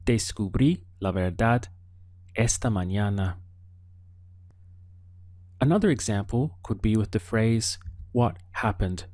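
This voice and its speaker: A man leads an audio language lesson at an unhurried, careful pace, giving the listener room to answer. His voice sits a little low. The recording is close and dry, with no room sound. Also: darkish tone, no room sound. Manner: slow, patient prompting with pauses for the learner. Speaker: language teacher.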